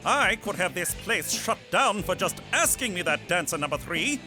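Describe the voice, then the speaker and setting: A man's voice: high voice, sing-song, normal speed, over music. A man voicing a smug, sleazy Mountie special agent in an adult cartoon. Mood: smarmy. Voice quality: smug, oily.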